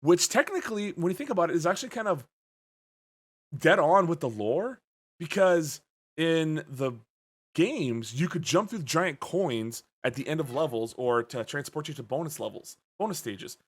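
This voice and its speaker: A man hosting a casual podcast, talking in an animated, jokey way and swearing freely. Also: on the high side, normal speed. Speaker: podcast host.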